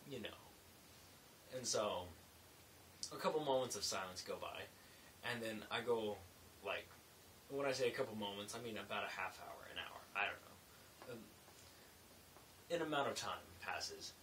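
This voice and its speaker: A man's voice: fairly low pitch, lively intonation, measured pace, long pauses, fairly bright tone, distant mic, rough recording. A man who works as a construction laborer, telling casual late-night work stories in a loose, rambling way with lots of fillers. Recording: faint hiss, mic set back.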